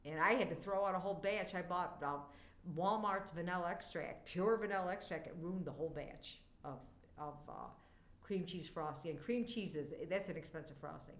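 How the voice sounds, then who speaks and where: Speaking at a moderate pace, an older livestreamer chats with her viewers in a reverberant, lowish voice. She's warm and fond of the people in her chat, and she drifts into tangents easily.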